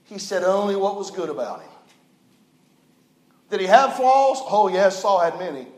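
A man preaching a sermon as pastor, fervent and folksy, swinging from loud declarations to hushed, low passages. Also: animated, moderate pace, reverberant. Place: church sanctuary.

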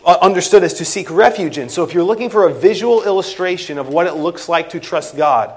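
A man preaching an expository sermon and quoting scripture, with emphatic loud stresses that drop to quiet trailing phrases. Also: sits high, a little fast, few pauses.

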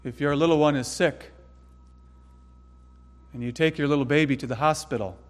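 Earnest preacher man in a reverberant hall. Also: medium pitch. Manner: earnest, with hushed passages and sudden loud emphasis. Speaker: pastor. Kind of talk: sermon.

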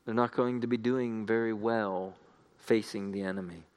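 A man's voice: lowish voice, steady tone, normal speed, darkish tone, smooth. A man preaching a sermon, earnest and building to fervent appeals to his listeners.

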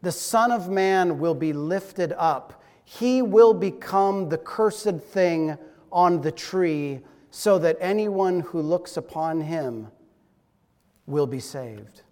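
A man delivers a sermon with a high, earnest voice, taking his time over each phrase. He sinks to near-quiet at key points, and the long reverb of a church hall trails after his words. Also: lively intonation, slow. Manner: earnest, varies loudness and drops low for emphasis. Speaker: pastor. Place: church sanctuary.

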